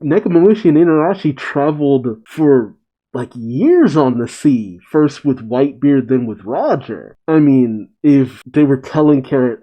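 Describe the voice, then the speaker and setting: A man's voice: mid-range voice, unhurried. A man reading a comic chapter aloud and reacting to it in casual commentary. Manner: animated, reads dialogue aloud and reacts. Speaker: manga reaction host. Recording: dull lo-fi sound.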